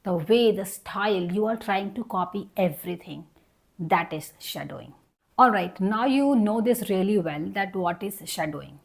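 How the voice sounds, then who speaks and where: A woman's voice: mid-range voice, animated, moderate pace, gravelly. A young adult woman teaching an online English lesson. She explains each point patiently, repeats herself and models example sentences.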